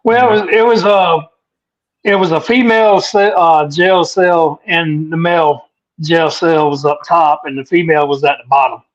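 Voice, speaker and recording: High-voiced excitable man, lo-fi sound. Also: moderate pace. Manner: laughing, excitable storytelling. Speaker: paranormal investigator guest. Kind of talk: casual podcast chat. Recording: dull lo-fi sound.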